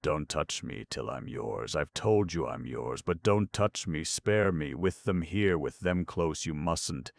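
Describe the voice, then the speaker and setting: In a dry, close recording, a reckless young woman pleads in a high, strained, breathless voice, as a deep-voiced man reads her out. She sounds tipsy and imploring, and a gravelly edge runs underneath. It plays like a storybook reading. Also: lively intonation, measured pace, few pauses, no echo, exaggerated voice.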